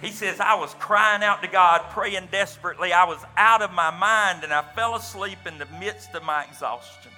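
A man's voice: sits high, normal speed, few pauses, bright, forceful tone, big-room sound, faint music behind. A man preaching a sermon as pastor, telling a story with quoted dialogue and folksy asides. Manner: storytelling, retelling another man's account with quoted dialogue.

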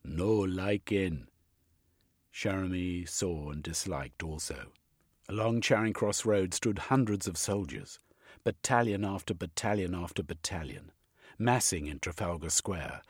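A man narrating an audiobook with a husky voice. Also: low voice, animated, a little slow, no echo, studio quality. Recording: faint music underneath.

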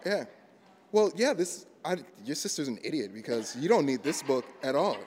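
A man's voice: medium pitch, very animated, normal speed, darkish tone. A man, a comedian guest, chatting casually and rambling through anecdotes between laughs. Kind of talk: casual chat.

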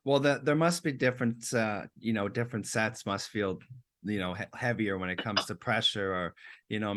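A man's voice: low-pitched, fairly bright tone, no echo, studio quality. A man hosting an interview, asking long, rambling questions full of fillers. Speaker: interview host.

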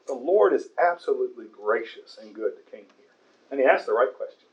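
A man's voice: mid-range voice, big pitch swings, fairly quick, highs cut off. A man preaching a conversational Bible sermon in an earnest way, often stumbling over repeated words.

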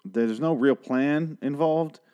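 A man's voice: on the high side, slow, warm tone, clean tone, lo-fi sound. A man hosting a casual TV episode review, talking in a rambling, profane and sarcastic way. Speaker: host of a TV review show.

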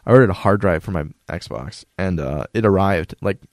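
A young man hosting a casual podcast chat, telling stories with lively acted-out quotes. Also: sits low, normal speed, dry recording, studio quality. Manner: animated storyteller, acts out quotes in raised voice. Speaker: podcast host.

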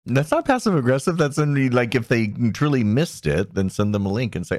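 In a cleanly recorded studio with no echo, a man co-hosts a podcast, chatting casually, joking and laughing often. His voice is medium-pitched and a little mellow, moving fairly quickly with big pitch swings.

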